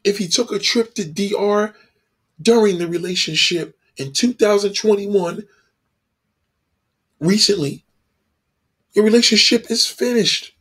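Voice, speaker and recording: A man's voice: high voice, a little slow, long pauses, fairly bright tone, breathy edge. A man delivering a heated, profane opinion monologue with emphatic, ranting delivery. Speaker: commentator.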